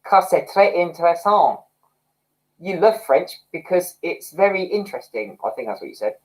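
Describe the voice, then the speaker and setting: Lively, excitable livestream host. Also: male voice, a little high, normal speed, poor audio. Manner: excitable, chatty, laughs often. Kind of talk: casual livestream chat reading comments.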